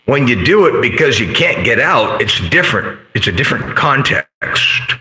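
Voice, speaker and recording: A man on the CB radio who talks in an animated, lively swing, with a very bright, sharp edge to his voice. He rambles along in radio slang and sign-offs. The room around him is echoey. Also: mid-range voice, normal speed. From central coast of California. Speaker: CB radio operator hosting a live stream. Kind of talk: casual radio chat.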